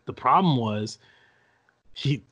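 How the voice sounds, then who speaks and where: A man of medium pitch telling a long story on a podcast, in a relaxed, conversational way. He laughs often as he goes and slips into other people's voices when he quotes them. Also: takes it slowly, husky, muffled recording. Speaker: podcast guest. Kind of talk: casual storytelling.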